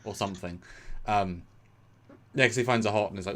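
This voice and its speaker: A British man co-hosting a casual episode review, animated, acting out quotes and swinging between loud and soft. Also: medium pitch, fast, long pauses. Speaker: podcast co-host.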